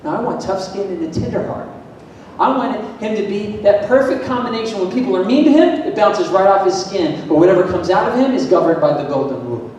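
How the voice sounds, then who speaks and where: A man from Florida giving a lively, emphatic talk to an audience, asking them questions, heard from a distance in a large hall. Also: a little fast. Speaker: motivational speaker at a school event. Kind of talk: energetic public talk to an audience. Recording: echoey hall, distant mic, faint rumble.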